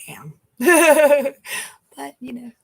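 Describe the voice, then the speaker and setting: A woman's voice: fairly low pitch, brisk, gravelly, darkish tone. A middle-aged woman, chatting casually to her live-stream viewers and rambling with frequent laughs. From North Carolina, US. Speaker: keto vlogger.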